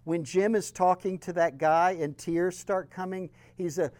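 A man with a Southern accent giving a sermon-style teaching talk, telling stories earnestly and swinging between loud emphasis and soft, quiet lines. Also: sits high, fairly even intonation, a little slow, hardly any pauses. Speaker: speaker.

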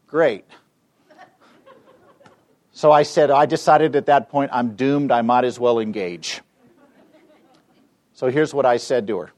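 A man giving a live training seminar, telling an anecdote to an audience in an animated, emphatic way. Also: medium pitch, measured pace, long pauses. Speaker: seminar speaker. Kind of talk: live training talk with storytelling.

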